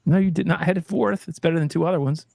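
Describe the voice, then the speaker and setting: A man's voice: on the high side, rapid-fire, vocal fry, darkish tone, no room sound. A man hosting a casual whiskey tasting panel, bantering, swearing and laughing as he reveals his rankings. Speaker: host.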